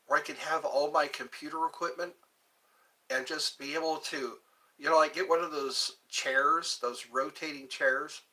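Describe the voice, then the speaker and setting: Male streamer, rambling chat with viewers, slightly high voice with an unhurried pace. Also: pushed and bright. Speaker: livestream host. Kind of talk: casual livestream chat.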